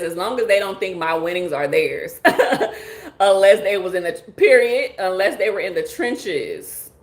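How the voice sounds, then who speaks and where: A woman therapist hosting a live stream with features, reading chat comments in a playful, lively way, laughing often and acting out the people she quotes. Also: mid-range voice, reverberant.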